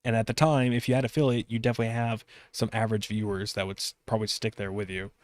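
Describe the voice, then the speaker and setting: Rambling young man with a low, dry voice. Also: little pitch movement, quick pace, no echo. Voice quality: slight lisp. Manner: rambling, self-deprecating, trailing off. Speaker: podcast host and streamer. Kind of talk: casual podcast chat.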